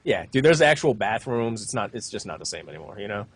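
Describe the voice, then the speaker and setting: A man co-hosting a podcast who talks quickly and rambles through his thoughts, swearing casually. His voice sits at a middle pitch and sounds dry. It is a close, relaxed chat. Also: gravelly, husky, dry recording. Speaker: podcast co-host.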